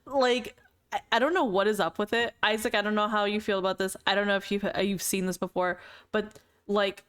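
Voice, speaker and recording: A woman's voice: medium pitch, fairly even intonation, a little fast, fairly bright tone, smooth. A young woman livestreamer chatting casually with her viewers, giggling often and repeating words as she talks. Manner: giggly, laughs often between sentences. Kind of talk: casual chat with stream viewers.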